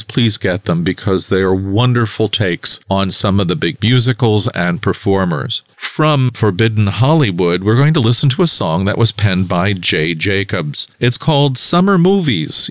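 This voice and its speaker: A man presents a radio music show, introducing each song in a relaxed, chatty way. His voice sits on the low side and is close and dry on a studio mic. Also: no echo. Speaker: radio host.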